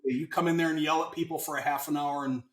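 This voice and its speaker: A man's voice: on the high side, fairly even intonation, fast, a bit bright, echoey room. An American man talking as a guest in a casual interview, chatty and salesy. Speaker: guest, financing consultant.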